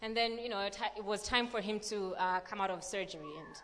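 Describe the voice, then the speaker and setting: A young woman reading scripture and then telling a lively personal story with many fillers at a church gathering. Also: mid-range voice, brisk, slight background noise. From Malawi. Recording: long reverb of a large hall.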